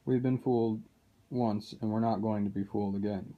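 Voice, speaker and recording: A man reading aloud, voicing a surly, sneering male dwarf who distrusts everyone, drawling slowly. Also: lowish voice, fairly even intonation, narrow, tinny audio, close to an everyday voice.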